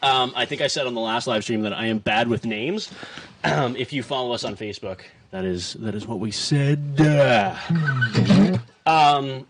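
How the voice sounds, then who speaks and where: A man's voice: mid-range voice, moderate pace, recorded from a distance, noisy background. A man hosting his first live stream from a home studio, chatty, self-deprecating and a bit nervous. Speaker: host. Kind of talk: casual live stream chat.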